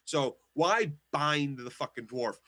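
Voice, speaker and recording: A man's voice: a little high, lively intonation, takes it slowly, fairly bright tone. A man co-hosting a casual TV recap podcast, ranting emphatically and swearing a lot. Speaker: podcast co-host.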